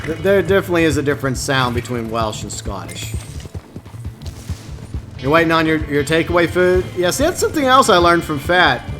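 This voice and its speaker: This male gamer speaks briskly in a higher, fairly bright voice with big swings in pitch, faint music underneath. Chatting loosely with viewers, he rambles and keeps cutting off and restarting.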